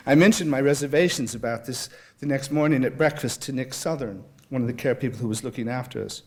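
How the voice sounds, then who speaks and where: A man's voice: medium pitch, fast. A man giving a talk, telling a humorous travel story and reading a passage aloud in a wry, self-deprecating way. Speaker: guest speaker.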